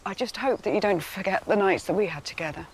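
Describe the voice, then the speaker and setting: An actress playing a yearning, lovelorn 19th-century gentlewoman in a period television drama, speaking in a pleading, intimate way. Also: mid-range voice, fast talker, slightly rough, natural voice.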